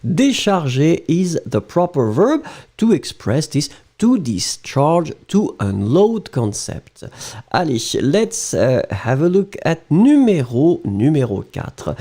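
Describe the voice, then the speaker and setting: A man with a French accent teaching a live online French lesson, slowly spelling out verbs and praising viewers by name. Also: a little high, very animated, dark tone. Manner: encouraging, slow and spelled-out, mixing French phrases into English.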